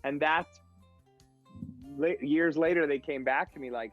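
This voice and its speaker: A man's voice: a little high, moderate pace, long pauses, muffled recording. Guy on a podcast spinning funny stories, does little voices, some music in the back. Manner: animated storyteller, acts out voices in quotes. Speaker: podcast guest, DJ. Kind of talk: casual storytelling chat.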